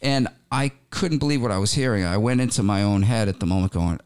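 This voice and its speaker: A man recounts his band's early days in a lively, rambling way, full of fillers and fresh starts. His voice is smooth and resonant and sits fairly low. He sounds like an interview guest caught up in his own story. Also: fast, hardly any pauses. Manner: animated, with many restarts and fillers.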